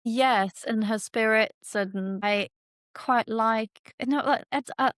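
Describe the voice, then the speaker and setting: A woman's voice: a little high, slow, fairly bright tone, no echo, studio quality. A woman co-hosting a podcast in casual chat, talking in a chatty, rambling way with many restarts. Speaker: podcast co-host.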